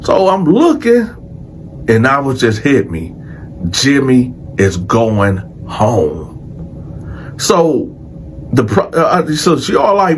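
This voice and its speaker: A man's voice: medium pitch, very slow, long pauses, slight background noise. A man hosting a storytelling vlog, talking casually and profanely and addressing viewers directly. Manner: animated, addresses viewers as y'all. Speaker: host.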